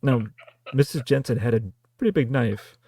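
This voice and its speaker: A man co-hosting a casual film review podcast, recapping plot in a deliberate way and pointing out what bugs him. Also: medium pitch, dark tone. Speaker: podcast co-host.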